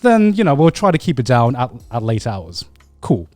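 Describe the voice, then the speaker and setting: A man co-hosting a podcast, telling a story in casual chat, animated and swearing freely. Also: medium pitch, normal speed, no room sound. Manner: animated, swears a lot, acts out quotes. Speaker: podcast co-host.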